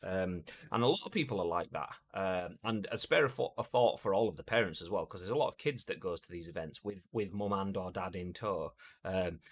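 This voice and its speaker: A young English man hosting a gaming news stream in a casual, jokey chat. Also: deep voice. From England. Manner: animated, jokey, puts on silly voices. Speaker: gaming news show host.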